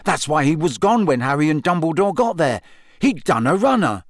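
A man voicing an excitable teenage schoolboy in an audiobook, blurting out ideas eagerly. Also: on the high side, normal speed, no echo, clean studio sound, voice pushed up. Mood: excited. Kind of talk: audiobook character voice.

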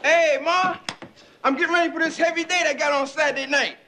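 A brash, boastful teen joker. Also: male voice, extremely high pitch, steady tone, fairly quick, sharp tone. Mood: joking. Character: brash skinny teenage boy, boastful joker. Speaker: teenage son in a sitcom family. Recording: noisy old television recording.

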